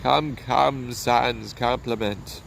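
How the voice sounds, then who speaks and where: A man voicing a bold, blunt male nobleman in a steady, slow play reading. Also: medium pitch, creaky, slight background noise, full character voice, rough recording.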